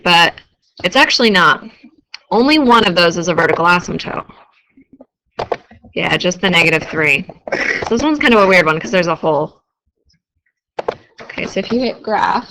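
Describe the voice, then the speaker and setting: A woman's voice: fairly low pitch, creaky, a bit bright, low-quality recording. Young woman, math teacher, classroom lecture, chatty, asks the class questions.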